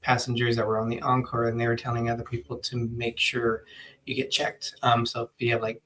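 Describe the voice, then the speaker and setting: A man's voice: medium pitch, monotone, brisk, fairly bright tone, slight background noise. A man co-hosting a casual live chat, talking loosely with many fillers and restarts. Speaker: co-host.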